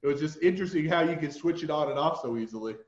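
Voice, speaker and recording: A man's voice: a little high, expressive, quick pace, roomy sound, highs cut off. A man from Utah with a Utah accent, hosting a casual podcast interview and talking in a rambling way full of fillers and asides. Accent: Utah, American. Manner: rambling, filler-heavy, digressive. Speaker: podcast host.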